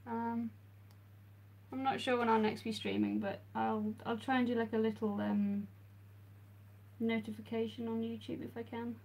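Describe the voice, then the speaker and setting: A woman's voice: a little high, little pitch movement, normal speed, vocal fry, a little mellow, a little hiss or hum. A young woman from the English Midlands, chatting casually with her livestream viewers while she draws, answering their messages with frequent ums. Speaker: streamer.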